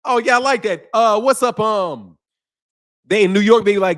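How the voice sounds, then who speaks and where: A man with a high voice hosts a boxing livestream and chats casually with his viewers. He is from Chicago and talks in loose, slang-heavy bursts. He laughs a lot and mimics the greetings of different cities. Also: moderate pace, fairly bright tone. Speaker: boxing channel host.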